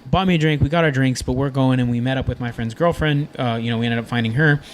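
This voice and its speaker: A man's voice: medium pitch, quick pace, a little hiss or hum. A young man on a podcast, telling stories casually and animatedly, swearing a lot and acting out the people in them. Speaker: podcast guest.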